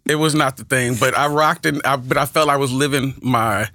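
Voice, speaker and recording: A man with a Texas country accent, a public speaking teacher, chatting as a guest in a measured, deliberate way. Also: mid-range voice, fairly even intonation, sharp tone, dry recording, studio quality. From Oakland, California, and Texas. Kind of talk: casual interview chat.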